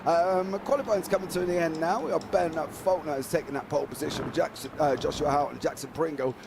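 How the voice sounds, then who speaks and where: A man commentating a live sim race, chatty and jokey, talking quickly over a noisy background. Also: a little high, gravelly.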